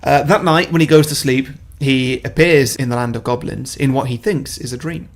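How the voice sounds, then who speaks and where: A man in a casual podcast chat, telling his pitches in a laid-back way with frequent laughs. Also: normal speed. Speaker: podcast co-host.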